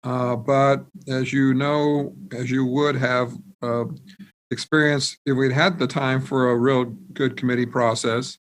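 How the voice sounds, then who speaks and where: Guy senator calling in remotely, slow careful talk, lots of uhs and restarts. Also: medium pitch, little pitch movement. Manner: measured, hesitant, many fillers and restarts. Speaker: state senator. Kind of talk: legislative floor debate. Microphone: remote video call.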